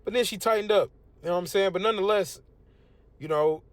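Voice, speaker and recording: A man's voice: sits high, quick pace, no echo. A young man, preaching in a casual, emphatic and conversational way. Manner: conversational, emphatic, lots of "you know what I'm saying". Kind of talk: casual street-preaching talk.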